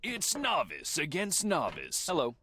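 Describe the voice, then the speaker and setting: A man's voice: fairly high pitch, wildly swooping pitch, unhurried, bright, forceful tone, a little hiss or hum, full character voice. An actor playing a fussy, scheming male arena bookie in a game, talking like a theatrical showman. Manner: theatrical, sing-song showman announcing.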